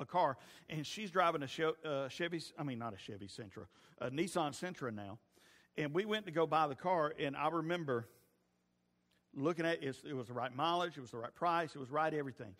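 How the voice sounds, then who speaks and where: High-voiced preacher in a hall. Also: male voice, a bit bright. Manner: folksy, storytelling, stumbling restarts. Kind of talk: sermon with personal stories. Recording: long reverb of a large hall.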